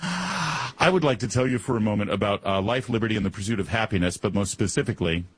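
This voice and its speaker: Wisecracking radio host, husky low voice. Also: male voice, lively intonation, no room sound. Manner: wisecracking, puts on quick mock voices. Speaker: radio talk show host. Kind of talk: casual talk radio monologue.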